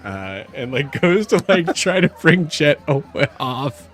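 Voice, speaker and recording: Man, game master, tabletop game, rambling, lively pitch. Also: measured pace, faint music behind. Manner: filler-heavy, meandering.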